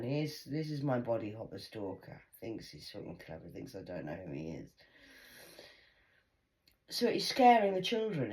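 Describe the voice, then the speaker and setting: A woman vlogger talks straight to her viewers in a loose, rambling monologue, cursing freely. Her pitch swings widely up and down as she goes, and she smokes while she speaks. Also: warm tone. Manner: swears freely, blunt and rambling.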